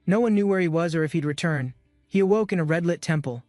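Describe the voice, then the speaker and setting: A man's voice: fairly high pitch, fast talker, darkish tone, dry recording, clean studio sound, soft background music. A man giving scripted, dramatic narration of a comic-book recap.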